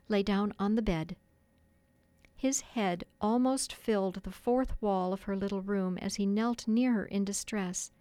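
A woman narrating a classic children's story in a measured, expressive reading voice. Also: mid-range voice, no echo.

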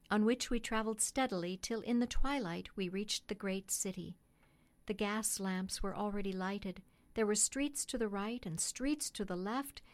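Woman calmly narrating a classic story. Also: mid-range voice. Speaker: audiobook narrator.

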